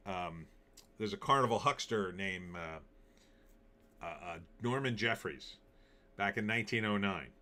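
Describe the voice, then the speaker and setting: Male show host riffing and rambling, sarcastic, kinda low but bright and forceful. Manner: sarcastic, rambling, with frequent fillers. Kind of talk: casual political and movie commentary.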